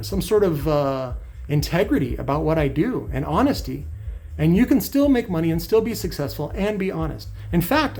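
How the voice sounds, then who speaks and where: A middle-aged man vents in a blunt, profane vlog rant. His voice sits a bit high for a man and has a gravelly, rough edge. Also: darkish tone. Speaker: channel host.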